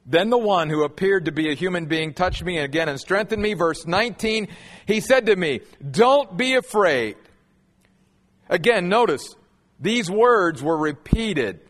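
Male pastor, high voice, earnest sermon delivery, reverberant hall sound. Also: fairly bright tone. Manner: earnest preaching, slows down to stress key words.

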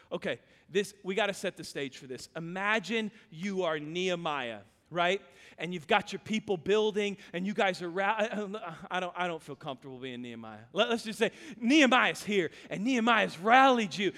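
A man from Louisiana preaching a sermon, telling stories and swinging between loud urgent calls and hushed, low passages. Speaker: pastor. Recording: long hall reverb.

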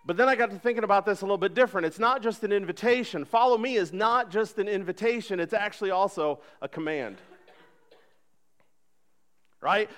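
A man in his thirties preaching a sermon in a church, conversational and animated, acting out little dialogues. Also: high-pitched. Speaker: pastor. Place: church sanctuary.

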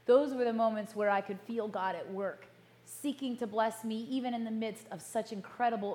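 Earnest woman pastor preaching slowly. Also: fairly high pitch, darkish tone. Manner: earnest, measured, slows for emphasis. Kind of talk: sermon.

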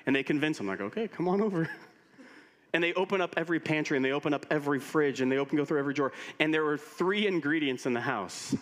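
A man preaching as a pastor, telling stories with humor in an animated way. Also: fairly high pitch, racing, few pauses. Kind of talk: sermon. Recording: long reverb of a large hall.

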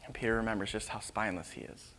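A man preaching a storytelling sermon in a casual, conversational way, sometimes dropping to hushed tones, recorded in a large hall with a long reverb. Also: lowish voice, level tone, fast talker, slight background noise.

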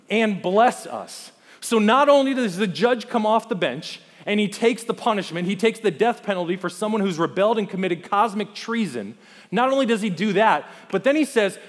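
A man preaching a sermon as pastor, emphatic, building through repeated lists and rhetorical questions. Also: high voice. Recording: long reverb of a hall.

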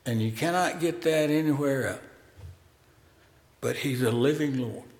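In a church sanctuary with roomy hall reverb, a pastor preaches slowly and conversationally, pausing and using fillers. His voice is medium-pitched and a little mellow.

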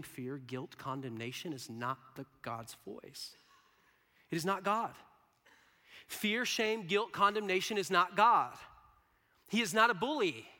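A man preaching a sermon to a live audience in a large hall. He is animated, swinging from hushed whispers to loud bursts, and laughs often. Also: high-pitched.

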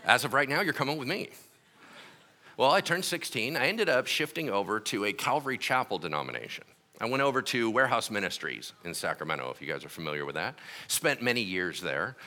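A middle-aged male pastor telling a personal story in a sermon, animated, acting out quotes with shouts and laughter. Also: lowish voice, quick pace.

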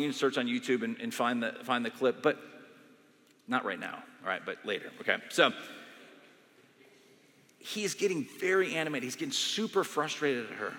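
A male pastor giving a sermon in a conversational, animated storytelling way, in a church sanctuary. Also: on the high side. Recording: long hall reverb.

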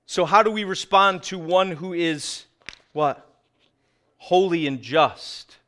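A middle-aged man preaching a sermon as pastor, earnest, sometimes dropping low and quiet for emphasis, sometimes telling lively stories. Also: slow. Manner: animated storytelling with acted quotes.

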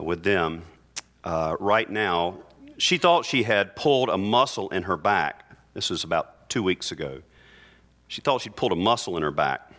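A middle-aged man preaches a sermon from the altar of a church. His voice is bright and forward, moving from quiet, heavy sorrow to strong, insistent proclamation, with a conversational, heartfelt manner. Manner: earnest, heartfelt preaching that drops soft and low in grief and rises emphatic. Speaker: priest.

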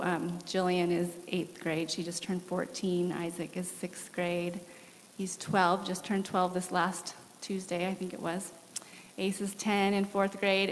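A woman in her forties, a missionary guest, giving an earnest and animated testimony with laughs during a church service. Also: fairly low pitch. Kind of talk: candid testimony in an interview. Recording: long hall reverb.

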